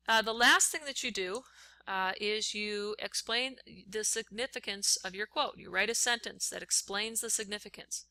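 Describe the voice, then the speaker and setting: A woman's voice: medium pitch, pushed and bright, no room sound. A woman teacher talking step by step through a writing lesson while she types on screen. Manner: step-by-step, talks while typing.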